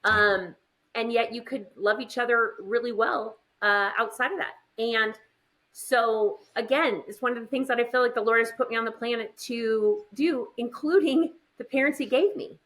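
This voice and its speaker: A middle-aged woman, a guest in a casual chat, telling lively stories and acting out what people say. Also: a little high, moderate pace. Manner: lively storyteller, does voices in quotes.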